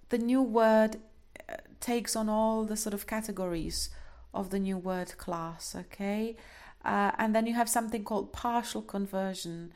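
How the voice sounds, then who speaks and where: A woman lecturing to a class in an unhurried, explanatory way. Her voice sits at a middling pitch. She fills pauses with "uh" and "um" and often checks understanding with a quick "okay?". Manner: explains step by step, ends points with a checking "okay?"; frequent fillers and restarts. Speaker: linguistics lecturer.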